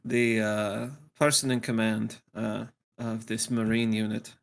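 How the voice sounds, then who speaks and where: A man narrating his character in a tabletop game. He speaks slowly, haltingly, with many hesitations. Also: lowish voice, level tone, gravelly, smooth. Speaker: player.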